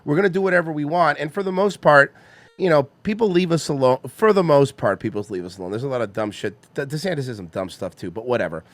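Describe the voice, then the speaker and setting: A man from Florida in casual podcast banter, excitable and swearing freely. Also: medium pitch, quick pace, no room sound.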